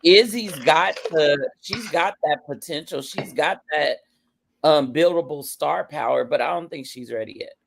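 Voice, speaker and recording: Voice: medium pitch, unhurried, gravelly, noisy background. A podcast co-host in casual wrestling chat, with a middle-range voice. Opinions come out blunt and playful, full of easy slang.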